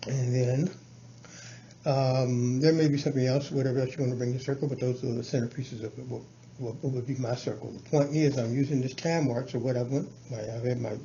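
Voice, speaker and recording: A man talks a colleague through his classroom routines, stopping and restarting often and filling pauses with "um." His voice is very dark and mellow. The recording is dull and low-fi, with a faint hiss behind him. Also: fairly even intonation. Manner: halting, many restarts and fillers, breaks into chanted syllables and sung verses. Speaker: teacher mentoring a colleague. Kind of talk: casual explanatory talk on lesson planning.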